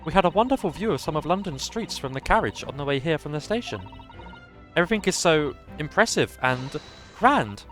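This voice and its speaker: A man's voice: a little high, big pitch swings, brisk, a bit bright, soft background music, voice pushed up. Man doing a flustered young law student. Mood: nervous. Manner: flustered and stammering. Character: nervous young male Japanese law student.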